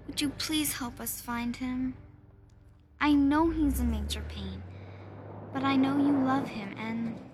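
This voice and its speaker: A stubborn, brave teen girl. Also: very high voice. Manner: earnest, commanding. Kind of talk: radio drama acting.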